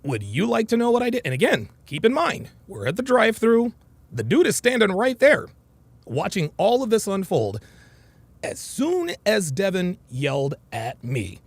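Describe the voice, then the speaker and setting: A man's voice: high voice, sing-song, moderate pace, vocal fry, husky, no room sound. A man hosting a casual commentary monologue, telling a story in a profane, storytelling way. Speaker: commentary host.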